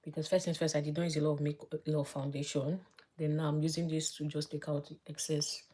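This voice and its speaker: Woman vlogger, low voice, husky, chatty live makeup tutorial with soft asides. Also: level tone, fast. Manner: chatty, thinks aloud, drops to soft murmurs while applying makeup. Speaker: beauty vlogger.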